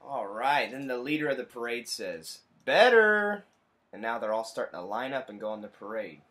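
A male teacher reading a picture book aloud to children, animated, explaining and pointing out the pictures. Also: on the low side, fairly quick.

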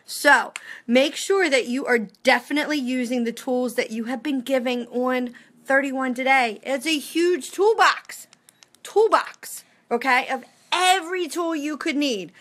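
An upbeat woman in her thirties with a high voice talks through tips for her sales team from home. She keeps it chatty and casual and tags her points with quick "okay?" and "right?" check-ins. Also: fairly bright tone. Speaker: direct sales team director. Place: home with family nearby.

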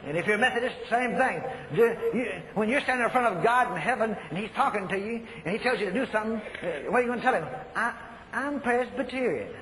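A man's voice: high voice, fast, few pauses, a bit bright. An older man preaching a sermon in a folksy, emphatic way, laughing as he tells his stories, in an echoey hall recording with faint noise.

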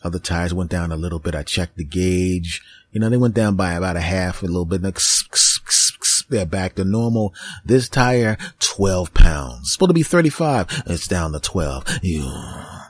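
A man hosting a podcast, telling a comedic story in an animated, ranting manner. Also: low-pitched, normal speed. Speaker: podcast host. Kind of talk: comedic monologue.

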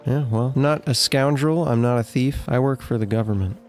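A man's voice: medium pitch, fairly quick, darkish tone, faint music behind. Indignant man playing mock inspector. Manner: exasperated outbursts. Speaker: gaming video host. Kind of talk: comedic gameplay commentary.

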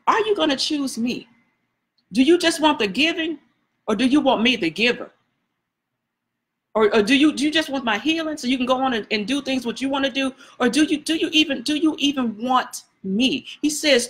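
Brisk and somewhat bright, her fairly high voice carries a sermon given in a conversational manner. The prophetess repeats herself for effect and talks straight to her congregation in asides.

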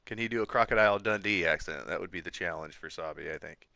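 Low-voiced man streaming a fishing game. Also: fast, vocal fry, sharp tone, no room sound. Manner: joking, chatty, laughs often. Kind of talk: casual live-stream chat. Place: home room.

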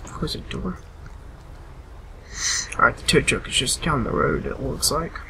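A man's voice: medium pitch, big pitch swings, fairly quick, vocal fry, pushed and bright, slight background noise. A tired, yawning man giving casual gameplay commentary and chattily bossing game characters around.

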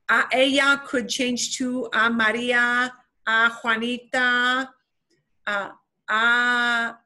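A woman's voice: fairly high pitch, bright, forceful tone. A woman teaching a beginner Spanish class, explaining patiently with playful comparisons.

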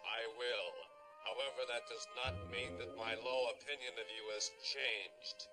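An actor voicing a literal-minded robot who speaks in a formal, clipped, dryly disdainful way, with an orchestral score behind him. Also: male voice, medium pitch, a little slow, music in the background, close to an everyday voice. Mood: dry, curt.

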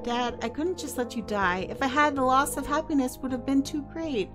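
A woman's voice: high voice, normal speed, close to an everyday voice. A woman voicing a fiery teenage girl who accuses her father in exasperated outbursts. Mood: pleading. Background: game soundtrack music.

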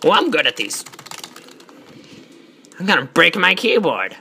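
A woman giving excitable, profane let's-play commentary, yelling at enemies and bantering in character as a god persona. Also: mid-range voice, unhurried, pauses often, breathy edge. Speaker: gaming channel host.

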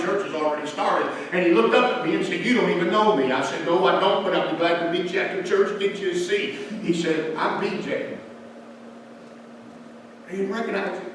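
A man preaching a revival sermon as a story, going from soft quoted speech to loud pleading. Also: high-pitched. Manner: folksy storyteller, dropping to soft quotes and rising to loud pleas. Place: church sanctuary. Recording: echoey church hall, distant mic, faint noise.

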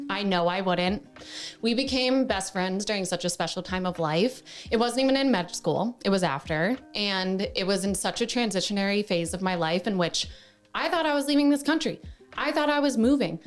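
Podcast host, woman, 30s, casual and emotional, middle pitch, light music bed. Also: moderate pace. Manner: effusive, emotional, heartfelt gushing. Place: indoor room.

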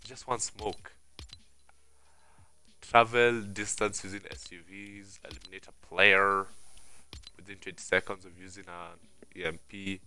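A young man giving live commentary on a game he is playing, excitable, swearing and yelling at the action. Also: deep voice, unhurried, long pauses. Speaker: streamer.

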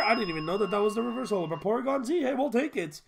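A man's voice: high-pitched, expressive, racing, creaky, slight background noise. A young man hosting a casual trading-card opening video, upbeat and chatty as he calls out each card. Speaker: card-opening channel host. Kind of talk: casual pack-opening commentary.

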